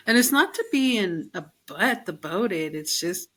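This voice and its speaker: A middle-aged woman, a podcast guest, chatting casually and telling animated stories, acting out her own quoted words with many fillers and easy laughter. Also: fairly low pitch, moderate pace, breathy edge, poor audio. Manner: frequent fillers, laughs easily. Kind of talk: casual interview chat.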